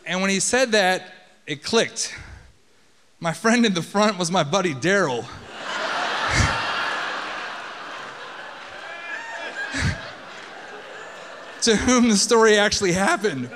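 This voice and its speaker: A man with a high voice tells a story live on a theater stage, casual and full of swearing. His voice rings out with the long reverb of the theater hall. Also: very animated, extremely slow, long pauses, background noise. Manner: casual, profane, conversational.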